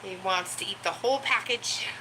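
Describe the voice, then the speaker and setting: A woman vlogger chatting casually about her pets, rambling with many ums and little laughs. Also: normal speed. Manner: high baby talk to her pets. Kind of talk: casual chat to camera. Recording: home recording with clear background noise.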